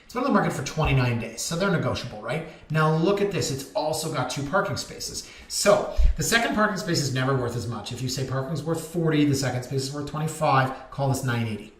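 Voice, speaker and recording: A man's voice: medium pitch, lively intonation, brisk, few pauses, fairly bright tone. A man working as a real estate agent, chatting candidly and wandering off topic as he goes over listings. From Canada. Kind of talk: casual market commentary over listings. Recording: echoey room with faint noise.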